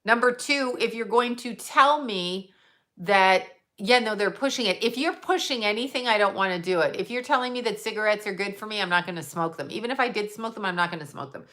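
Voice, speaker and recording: Bright-voiced woman chatting on a livestream. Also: medium pitch, a little fast. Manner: animated, rambling, profane storytelling. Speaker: psychic medium livestream host. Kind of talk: casual live-stream chat.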